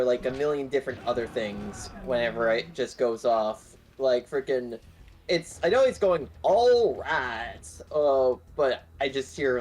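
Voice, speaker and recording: A man chatting casually with friends while streaming a fighting game, talking quickly with lots of fillers. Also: mid-range voice, a little mellow. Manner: quick, rambling, filler-heavy. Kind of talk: casual chat.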